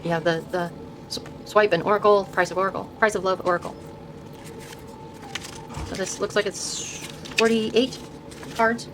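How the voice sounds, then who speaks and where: An older woman hosting her own video, softly showing tarot decks and reading card names aloud, often trailing off and restarting words. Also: mid-range voice, steady tone, moderate pace, long pauses, noisy background. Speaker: host showing her tarot deck collection. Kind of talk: soft-spoken casual deck walkthrough.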